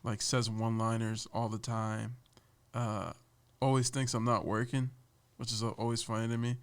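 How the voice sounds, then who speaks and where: A man's voice: medium pitch, little pitch movement, normal speed, clean tone. A young man, a podcast guest, telling funny work stories in casual chat, laughing often and filling talk with "like" and "man". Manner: laughing, loose storytelling with lots of "man" and "like".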